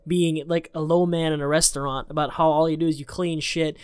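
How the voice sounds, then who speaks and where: A man's voice: on the high side, little pitch movement, clear, resonant tone, no echo, clean studio sound. A man co-hosting a podcast, riffing with jokes in a casual chat. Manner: jokey, quick to riff. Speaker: podcast co-host.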